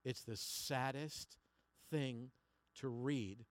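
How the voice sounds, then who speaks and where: A male pastor preaching a sermon, moving from quiet slow passages to loud emphatic ones and repeating words as he finds his phrasing. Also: mid-range voice, no echo.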